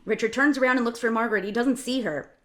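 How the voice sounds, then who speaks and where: A woman reading stage directions in a plain, even-paced way for an online script reading. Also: a little high, quick pace.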